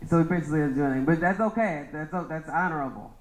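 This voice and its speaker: A man's voice: fairly high pitch, very fast, echoey room, low-quality recording. A young man doing a rambling stand-up roast of his friends, laughing at his own jokes. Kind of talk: open-mic roast set.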